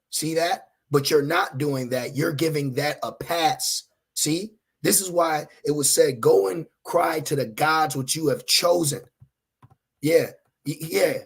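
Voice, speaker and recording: A man's voice: on the high side, unhurried, creaky, slightly rough. A young adult man preaching a fiery sermon, confrontational and scornful as he reads scripture aloud. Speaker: street preacher.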